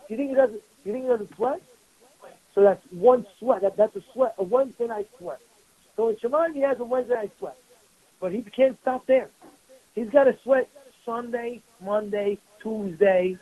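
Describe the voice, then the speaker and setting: On a rough recording, a man with an extremely high-pitched yet mellow and husky voice leads his weekly Torah class as a rabbi. His sermon is emphatic and repetitive, and he keeps firing rhetorical questions at the students.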